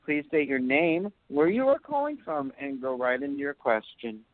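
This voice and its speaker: Mid-range and animated, the man's voice comes through a dry recording with a phone-line quality. As a radio call-in host he delivers calming psychic readings, stretching out his pronouncements and frequently asking "okay?".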